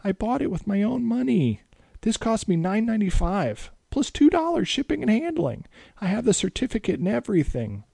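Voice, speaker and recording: A man voicing a stubborn, whiny young boy with a high voice. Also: sing-song, moderate pace, creaky, dark tone, breathy edge, no room sound, heavily acted. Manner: whining, high and pushy.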